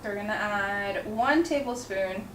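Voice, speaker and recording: A woman's voice: mid-range voice, measured pace, a bit bright, slight background noise. A young woman with an Indian accent, chatting casually to the camera while cooking in her home kitchen, self-deprecating and talkative. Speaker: home cook vlogger.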